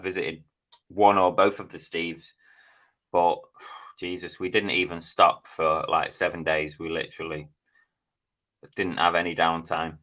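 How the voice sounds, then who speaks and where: A man's voice: low-pitched, fairly bright tone. A middle-aged man, hosting a casual live stream and chatting as he reads out viewers' names and comments. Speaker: live stream host reading chat.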